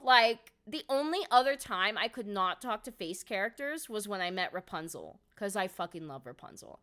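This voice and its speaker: A young woman streaming from home, telling a story in casual chat, excitable and swearing a lot with many fillers of "like". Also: medium pitch, moderate pace, hardly any pauses. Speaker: live streamer. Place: at home by a window.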